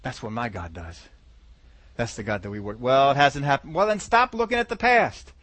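A man's voice: medium pitch, wildly swooping pitch, moderate pace, fairly bright tone, no echo. A man preaching a sermon, emphatic and repetitive, acting out doubters' words and quoting scripture. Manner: emphatic, repeats phrases, acts out quoted doubters.

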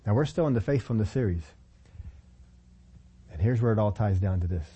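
A man's voice: lowish voice, lively intonation, brisk, dark tone, slightly rough, highs cut off. A middle-aged man preaching a sermon as pastor, emphatic, repeating phrases and acting out quotes.

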